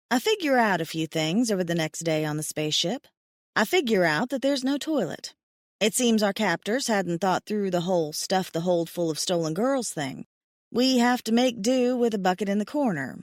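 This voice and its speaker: A woman's voice: mid-range voice, no echo. A woman narrating a first-person audiobook in a wry, self-mocking storytelling manner into a close studio mic.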